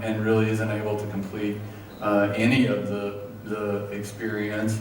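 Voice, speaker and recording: A man leading a church study group, talking in a halting way with many fillers, and at times emotional. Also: on the low side, a little hiss or hum. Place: church hall. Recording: echoey room, far from mic.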